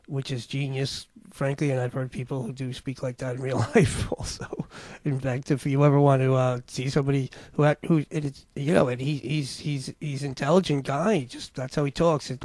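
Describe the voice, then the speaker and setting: A man's voice: mid-range voice, a little mellow, no room sound. A man hosting a casual commentary on clips, rambling and restarting his sentences. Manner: rambling, with many restarts and fillers. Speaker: host.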